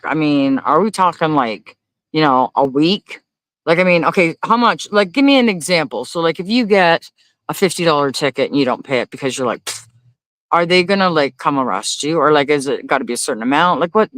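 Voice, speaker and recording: A man hosting a casual livestream, reading viewer comments aloud. He talks in a blunt, profane rant and breaks into loud, high-pitched disbelief. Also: no echo. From Canada. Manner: loudly incredulous, rises to high exclaims. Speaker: livestream host.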